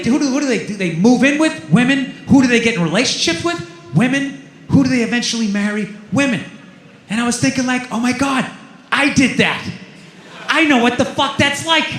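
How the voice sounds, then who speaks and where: A man performing a stand-up comedy routine, ranting and swearing, jumping from muttering asides to shouted outbursts. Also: extremely high pitch, a little hiss or hum. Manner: loud, ranting, profane, swings between shouting and muttering. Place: comedy club stage. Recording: echoey live club room.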